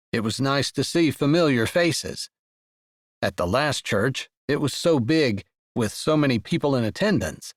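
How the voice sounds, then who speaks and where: A man narrating a romance audiobook in an expressive storytelling voice. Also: mid-range voice, dry recording, studio quality.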